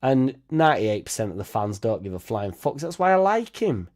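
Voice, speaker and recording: A blunt, sweary man, ranting casually to camera. His pitch sits in a middling range, and he keeps slipping into mocking impressions of other people. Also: very animated, normal speed, a little mellow. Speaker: football fan channel host.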